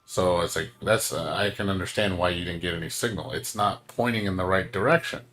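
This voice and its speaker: A man with a fairly low voice rants to his viewers while he plays, swearing freely and stumbling through fillers and restarts. Faint game music runs under his casual streaming chat. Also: fairly quick, a bit bright. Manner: ranting, swears a lot, lots of fillers.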